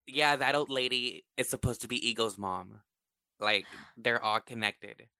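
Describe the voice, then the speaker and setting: A man hosting a casual podcast chat, excitable and swearing freely, with sudden high bursts of laughter. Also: a little slow, vocal fry, smooth, no echo. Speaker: podcast host.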